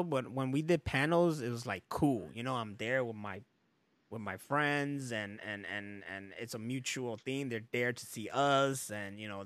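A man hosting a podcast, talking in a loose, rambling way with frequent laughter and plenty of swearing. His voice sits at a middle pitch and sounds dry and close, with little room around it. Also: fairly bright tone, no echo. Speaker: podcast host. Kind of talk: casual chat.

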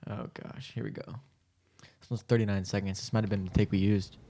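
A young man co-hosting a podcast, excitable and teasing, laughing often. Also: fairly low pitch, a little fast. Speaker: podcast co-host and editor. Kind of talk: casual banter.

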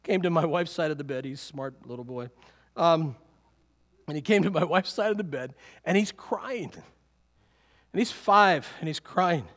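Man, middle-aged, pastor, high-pitched voice, animated sermon, chuckles as he preaches. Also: unhurried.

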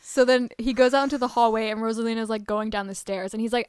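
A young woman co-hosting a podcast, casually retelling scenes and chiming in with quick agreement. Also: fairly high pitch, little pitch movement, clear, resonant tone, no echo. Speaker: podcast co-host. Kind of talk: casual chat recapping a TV show.

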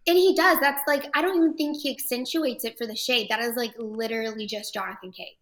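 A woman from Texas, an actress guest chatting enthusiastically in an interview, with frequent quick restarts. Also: fairly high pitch, fairly even intonation, fairly bright tone. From Texas, USA. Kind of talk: casual interview chat.

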